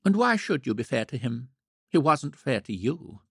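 A man voicing a gentle, affectionate young woman in a read storybook. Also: medium pitch, big pitch swings, normal speed, creaky, husky, no echo, studio quality, pitched above the performer's own voice, full character voice. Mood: tender.

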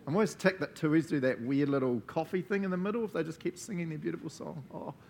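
A man in his thirties with a New Zealand accent, leading a relaxed church talk and prayer, chatty and often tagging his sentences with "eh?". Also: on the high side, quick pace, gravelly. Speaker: church leader. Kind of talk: casual sermon with group discussion. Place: church gathering.

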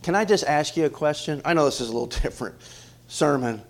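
Fast and a little high-pitched, a middle-aged man preaches with animation from the pulpit. Repetition runs through his sermon, along with questions aimed at the congregation.

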